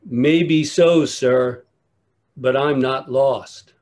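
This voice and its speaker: A man voicing a simple young country boy who talks in a slow, folksy drawl. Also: mid-range voice, fairly even intonation, darkish tone. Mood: calm. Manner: drawling, folksy, plain-spoken.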